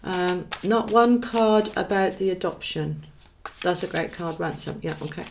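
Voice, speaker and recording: This Welsh-accented tarot reader from Wales chats through a live reading, musing aloud as she draws cards and calling viewers darling. Her fairly low voice is gravelly and unhurried, with slight background noise.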